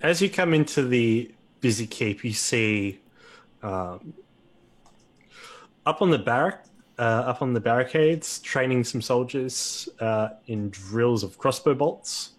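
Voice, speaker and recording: Slow, husky game master. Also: male voice, mid-range voice, expressive. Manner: hesitant, many fillers. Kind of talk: narrating a tabletop game.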